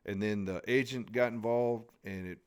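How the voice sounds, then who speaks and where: Folksy podcast host. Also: male voice, lowish voice, fairly even intonation, moderate pace, darkish tone, smooth. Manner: joking, folksy, lots of restarts. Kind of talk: casual interview chat.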